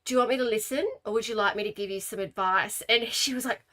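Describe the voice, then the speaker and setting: A woman hosting a podcast who tells stories in a lively conversational way, acting out quotes. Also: a little high, fast. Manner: animated storytelling with acted quotes. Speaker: podcast host and leadership coach. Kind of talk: casual conversation.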